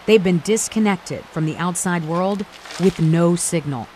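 A woman's voice: fairly low pitch, a little slow, warm tone, a little hiss or hum. A woman news reporter giving scripted, earnest narration.

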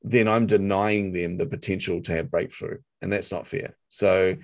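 Lively New Zealand man telling stories. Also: sits low, moderate pace. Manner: animated storyteller, acts out quotes. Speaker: guest, marketing coach. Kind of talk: storytelling interview chat.

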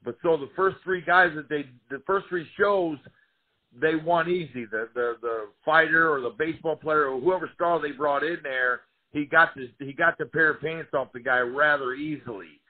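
A man, a former fighter, telling wild career stories in a casual, profane, animated way. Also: on the high side, normal speed. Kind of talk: casual storytelling interview. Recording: tinny phone-like line.

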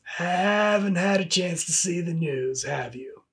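A man's voice: high voice, slow pace, fairly bright tone, heavily acted. A man plays a weary human resources supervisor scolding an employee in a comedy sketch. He talks in a dry, pointed way and keeps repeating the employee's name. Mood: exasperated. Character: exasperated male HR supervisor.

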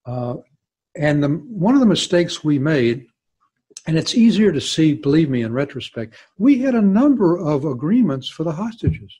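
Older Southern man, husky storytelling voice. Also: on the high side, big pitch swings, moderate pace, dark tone. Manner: anecdotal, emphatic, digressive storyteller. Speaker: guest speaker, former diplomat. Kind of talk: storytelling talk with audience Q&A.

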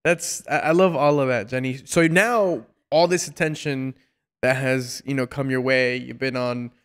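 A man hosts a relaxed interview with a smooth, resonant voice. He often restarts sentences and hunts for words, and gently teases his guest. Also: medium pitch. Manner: warm, halting, many restarts and fillers, playful teasing. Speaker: podcast host. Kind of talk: casual interview chat.

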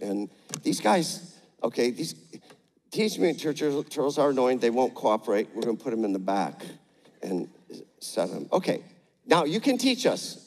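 On stage in a big church auditorium, an older man with a mid-range voice delivers a sermon that includes a live demonstration, recorded with the echo of the large hall. This pastor fires up the congregation with energetic call-outs, then speaks gently and playfully to a child.

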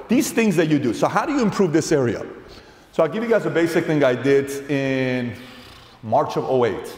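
A man giving a motivational keynote speech in a large event hall, blunt and emphatic, acting out dialogue as he tells stories. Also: medium pitch. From Middle East. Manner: animated storytelling, acts out dialogue. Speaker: keynote speaker. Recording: echoey hall with long reverb.

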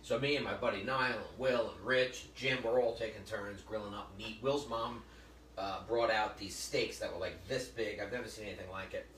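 A man's voice: fairly low pitch, fairly even intonation, moderate pace, a bit bright, a little hiss or hum. A middle-aged man hosting a casual cooking demonstration in a kitchen, chatting and joking with viewers and telling stories as he works. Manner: chatty storyteller, jokey asides to viewers. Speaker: cooking show host. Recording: echoey room from a distance, faint ambience.

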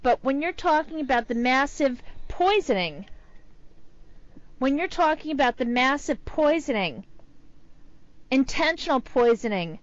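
Woman host, higher voice, earnest and repetitive, dull dry audio. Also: no room sound. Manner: earnest, repeats phrases for emphasis. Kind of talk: interview commentary. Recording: muffled dry remote line.

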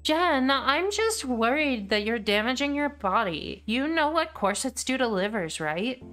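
A woman's voice: high-pitched, fairly quick, sharp tone, faint music behind, voice pushed up. A woman voicing an exasperated female museum researcher, reading her email aloud as an indignant, sarcastic rant in a game.

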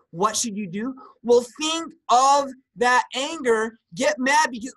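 A man talking as a guest health practitioner in a casual discussion, animated, breaking into loud acted outbursts and dropping into hushed asides. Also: very high voice, slow, few pauses, poor audio. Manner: animated, acts out angry outbursts and quotes.

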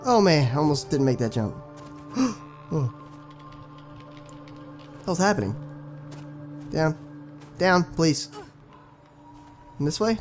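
A young man casually commenting on his own video game playthrough, excitable and profane, talking back to the characters on screen. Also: on the high side. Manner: excitable, swears a lot, talks to the game characters. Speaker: gaming channel host. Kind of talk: casual let's play commentary.

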